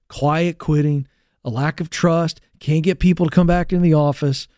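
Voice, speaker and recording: A man with a fairly high speaking voice hosts a career advice talk show. He lays out his points emphatically and circles back to repeat them. The sound is close and dry. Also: clean tone, no echo. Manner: energetic and emphatic, with repeated lines and asides.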